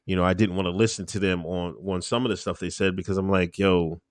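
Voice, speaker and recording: A man being interviewed, talking casually about his time in the Air Force, laughing often and acting out quotes with sudden high-pitched voices. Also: fairly even intonation, fast, no room sound. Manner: laid-back, laughs often, acts out quotes with big pitch jumps. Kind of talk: casual conversational storytelling.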